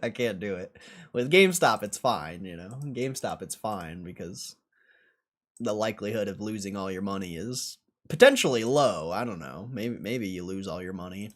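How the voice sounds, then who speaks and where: A young man chats on his stock livestream, answering viewers in a sarcastic, laid-back way. His voice sits a little low, and he swears freely and laughs often. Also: animated, normal speed, fairly bright tone. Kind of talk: casual livestream chat reading comments.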